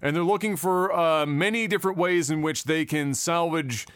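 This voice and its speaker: Swearing, animated podcast man. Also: a little high, normal speed, clear, resonant tone, no echo, studio quality. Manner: animated, swears a lot, rambling restarts. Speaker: podcast co-host. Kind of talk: casual chat.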